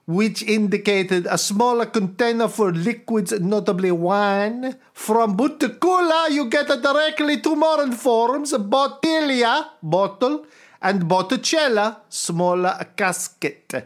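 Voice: slow pace, close to an everyday voice. A podcast host putting on an exaggerated Italian accent to voice a chatty, pedantic male listener. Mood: mock-earnest. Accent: put-on Italian. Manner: exaggerated, high, sing-song.

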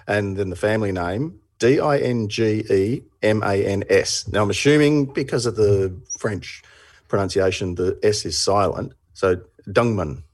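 A man's voice: lowish voice, moderate pace. A man hosting a beer news podcast, chatting casually and teasing his co-host, with frequent restarts and laughs. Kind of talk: casual podcast chat and read sponsor ad.

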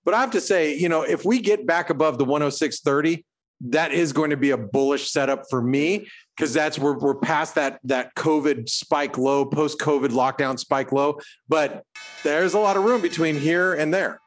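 Brief: slightly higher-voiced male co-host, loose market chat, playful puns. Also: moderate pace. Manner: animated, punny, jokey asides. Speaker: co-host of trading show. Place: home.

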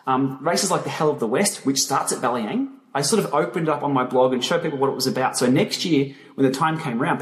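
A middle-aged man from Melbourne with an Australian accent, chatting casually as an interview guest and telling lively stories. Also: on the high side. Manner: chatty storyteller, lively and animated when retelling anecdotes. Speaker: guest, cycling vlogger and racer. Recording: echoey room with long reverb.

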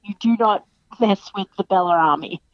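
A young adult Australian woman, a professional wrestler, chatting in an interview and lively acting out other people's remarks. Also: moderate pace, dry recording. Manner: chatty, animated, acts out other people's lines in a higher voice. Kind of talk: casual interview chat. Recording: dry, dull lo-fi podcast sound.

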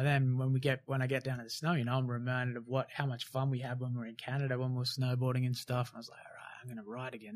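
A man in his late twenties or thirties, a former commando, telling his story frankly with lots of fillers and the odd swear word. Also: medium pitch. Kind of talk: casual storytelling interview.

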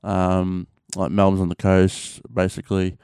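An Australian man talks casually on his own show, rambling and restarting, with plenty of fillers and the occasional swear. His voice sits low and comes through smooth and clean. The sound is close and dry, with no room around it. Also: monotone, measured pace, a little mellow, dry recording. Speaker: podcast host. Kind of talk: casual solo chat.

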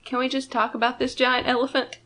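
A woman's voice: high voice, little pitch movement, brisk, sharp tone. A young woman co-hosting a fan podcast, chatting casually and arguing her points with emphasis. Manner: emphatic, swears, argues a point. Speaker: podcast co-host.

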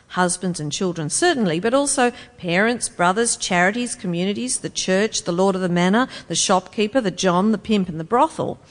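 A woman's voice: medium pitch, in a large hall. A woman giving a public lecture in a wry, emphatic, rhetorical manner. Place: lecture hall.

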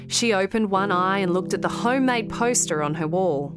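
A woman's voice: mid-range voice, moderate pace, hardly any pauses. Aussie woman telling a kids story, music going under her. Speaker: story narrator. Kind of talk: scripted storybook narration.

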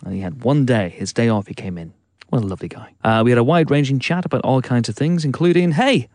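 A man at a middle pitch, talking quickly as he hosts a podcast. He sounds chatty and keen, swearing casually now and then. The sound is dry and close. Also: a little mellow, no room sound. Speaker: podcast host. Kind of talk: casual podcast hosting and interviewing. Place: hotel room.

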